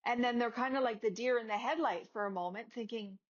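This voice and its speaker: A woman who teaches yoga and hosts a podcast gives a casual motivational talk, chatting conversationally and acting out little dialogues with her students. Her voice is a little high and a little fast, and the lo-fi audio sounds slightly dull.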